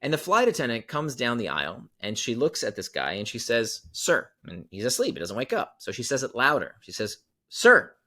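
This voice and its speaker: A man's voice: medium pitch, sing-song, a little fast, hardly any pauses, bright, forceful tone. A man talking as a podcast guest, explaining ideas emphatically and repeating key phrases for effect. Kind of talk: animated storytelling explanation.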